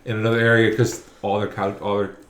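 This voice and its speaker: A man's voice: fairly low pitch, fast talker. Male game master, echoey room. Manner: relaxed, chuckling scene-setter. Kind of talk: narrating a tabletop game.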